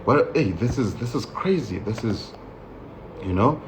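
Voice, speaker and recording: A man casually recounting a personal story in a lively, laughing way, acting out what others said, with many fillers. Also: on the low side, unhurried. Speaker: vlogger recounting his prison experience. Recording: dull, roomy recording with faint noise.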